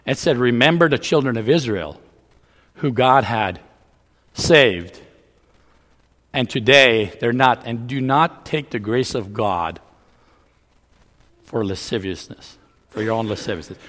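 A man's voice: mid-range voice, a little slow, long pauses, a bit bright, in a large hall. A man preaching a teaching sermon, explaining ideas in a loose way with frequent restarts.

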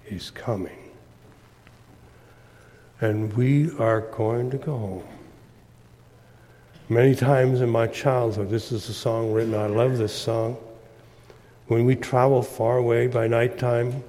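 A man preaching a sermon slowly and emphatically, breaking into loud sung refrains. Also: medium pitch, fairly even intonation. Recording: long hall reverb.

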